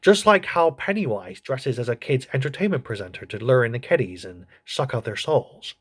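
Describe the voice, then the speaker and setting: A man voicing a crude, gossipy old male politician who reviews a TV show in a comedy sketch, with a husky voice. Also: medium pitch, sing-song, normal speed. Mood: snarky.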